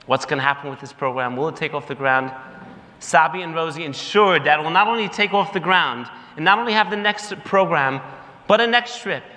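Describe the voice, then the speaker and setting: A man tells a story from the stage of a gala, bright and ringing in tone. He acts out the voices of the people in his story. A long hall reverb trails each phrase. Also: a little high, fairly quick. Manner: lively storyteller, mimics others in quotes. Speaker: gala speaker for the organization. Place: large banquet hall.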